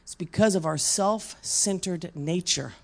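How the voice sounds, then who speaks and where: A woman's voice: on the low side, unhurried, vocal fry. A woman preacher delivering a conversational sermon, asking the room questions and acting out quoted voices.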